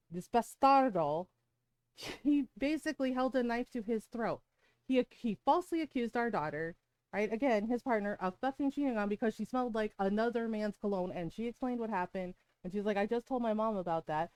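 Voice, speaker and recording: A middle-aged woman streamer tells a story in a loose, heated way, swearing freely and asking "right?" again and again. Her voice sits at a middling pitch. It sounds close and dry on a desk mic, with no room sound. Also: a little mellow, clear, resonant tone, no room sound, rough recording. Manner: heated, profane, rhetorical "right?" asides. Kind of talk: casual storytelling while gaming.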